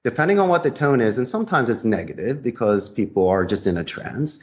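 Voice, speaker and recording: A man being interviewed as a guest, talking in a lively, theatrical way, laughing often as he acts out sales calls. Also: medium pitch, a little fast. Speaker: guest, customer service trainer. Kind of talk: animated interview talk acting out sales calls. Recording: muffled lo-fi audio.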